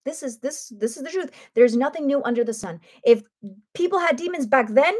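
A woman teaching through a Bible passage in a lively, conversational way, often checking in with her listeners. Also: sits high. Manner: animated, conversational, frequent "right?" asides.

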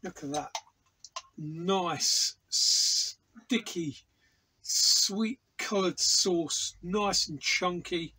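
A man's voice: high-pitched, very slow, bright, forceful tone, breathy edge, low-quality recording. An English man reviewing hot sauce in a casual, enthusiastic, rambling way, tasting aloud in a home studio. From England. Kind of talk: casual product review vlog.

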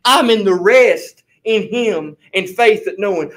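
Man, high voice, loose and animated storyteller, casual church-group testimony. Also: a little slow. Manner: animated, rambling storyteller, repeats "flipping" as a filler. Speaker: bible study group member.

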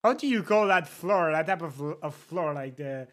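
A woman hosting a casual livestream, reacting to videos with giggly, animated chatter. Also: sits low, moderate pace. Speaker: livestream host.

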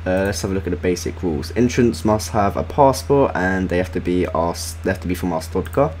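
A man hosting a casual let's-play, chatty and halting with fillers and restarts. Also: low-pitched, a little mellow, slight background noise. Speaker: gaming channel host.

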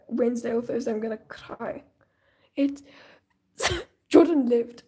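A woman's voice: sits high, unhurried, warm tone, breathy edge. A teenage girl casually chatting with viewers on a live stream while coloring, dramatic and chatty, often slipping into whispers.

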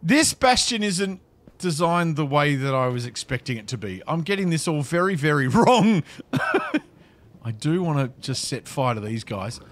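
A man's voice: on the high side, sing-song, moderate pace. A man giving casual, flustered commentary while playing a video game, chatting to the creatures on screen.

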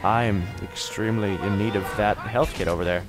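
A teenage boy in his mid-teens doing excitable, jokey let's-play commentary, yelping and shouting at the game. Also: fairly low pitch, a little fast, music in the background. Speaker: gaming YouTuber.

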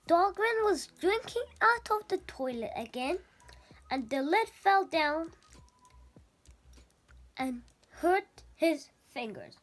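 A woman reading the lines of an exasperated male police chief from a storybook, slowly and haltingly. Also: very high voice, very animated, soft background music, exaggerated voice.

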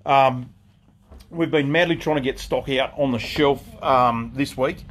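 An Australian man chats casually on a live stream from inside his shop. His voice sits mid-range and he keeps it relaxed and rambling, breaking off to greet viewers. There is a faint hum of noise in the background. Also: mid-range voice, measured pace. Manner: chatty and laid-back, greets viewers by name mid-sentence.

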